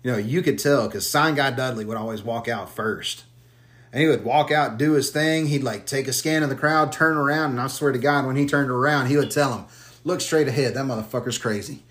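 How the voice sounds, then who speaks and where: A man hosting a casual podcast who tells long, profane, animated stories. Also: mid-range voice, a little fast. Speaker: podcast host.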